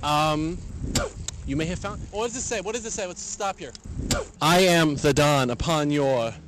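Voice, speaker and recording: A man's voice: fairly high pitch, normal speed. Goofy young man biking with a mic. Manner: rambling, goofy, narrating his ride live. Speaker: co-host. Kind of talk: casual chat while biking. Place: outdoors on city streets and bike paths. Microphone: handheld mic carried on a bike. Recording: loud outdoor wind noise. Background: loud wind and traffic noise.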